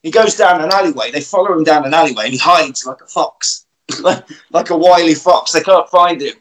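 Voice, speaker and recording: A man on a podcast, retelling a film's plot as an animated, swearing storyteller. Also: on the high side, fairly quick, poor audio. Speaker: podcast co-host. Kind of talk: comic plot recap.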